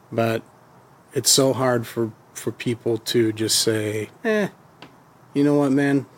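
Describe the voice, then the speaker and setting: A man guesting on a podcast in casual chat, talking in loose rambling sentences full of "you know" and swearing. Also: medium pitch.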